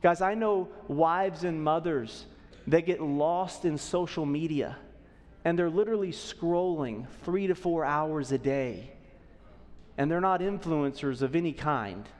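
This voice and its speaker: A man's voice: a little high, measured pace, a little mellow, big-room sound. A man in his thirties preaching a sermon as a pastor, conversational and often checking in with the audience. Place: church auditorium.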